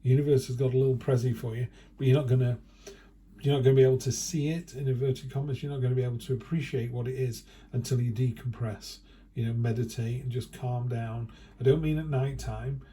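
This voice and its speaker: A man's voice: medium pitch, steady tone, brisk, dark tone, slight background noise. Chatty man reading tarot. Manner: chatty, rambling, with playful quoted asides. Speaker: tarot reader. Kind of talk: casual tarot reading monologue.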